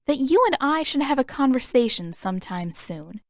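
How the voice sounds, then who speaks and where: A woman's voice: sits high, sing-song, moderate pace, no room sound, studio quality, pitched above the performer's own voice. Woman doing a sly, scheming young waterbender girl.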